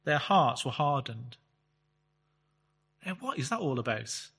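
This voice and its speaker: A man giving a chatty Bible teaching talk, reading scripture slowly and explaining it with fillers. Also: medium pitch, very animated, gravelly, fairly bright tone, slightly rough. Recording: long reverb, hall-like space.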